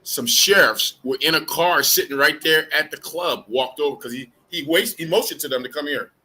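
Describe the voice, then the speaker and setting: A middle-aged man hosting a live chat and telling a casual, animated anecdote, with restarts and the odd curse word. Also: fairly high pitch, moderate pace. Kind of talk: casual storytelling.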